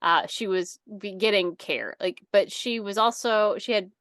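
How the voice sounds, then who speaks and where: A woman's voice: mid-range voice, unhurried, fairly bright tone, smooth, no room sound, clean studio sound. A woman co-hosting a podcast, telling a long story in a casual, rambling way, laughing often and using many fillers. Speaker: podcast co-host.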